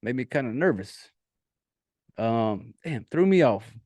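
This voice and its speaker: A man's voice: medium pitch, lively intonation, measured pace, darkish tone, no echo. A man with a Southern accent hosting a podcast, chatting casually with rambling, profane asides. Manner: rambling, profane, laid-back. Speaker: podcast host. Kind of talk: casual solo podcast chat.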